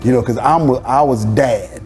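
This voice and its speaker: A man hosting a church talk show as a pastor, telling family stories in a lively, animated way. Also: mid-range voice, moderate pace, soft background music. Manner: animated storyteller, acting out family dialogue with laughter. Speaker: pastor and host. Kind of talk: casual conversation.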